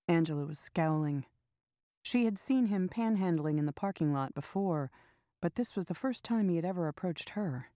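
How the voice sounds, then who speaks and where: Woman audiobook narrator, low mellow voice, steady measured delivery. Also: no room sound, studio quality.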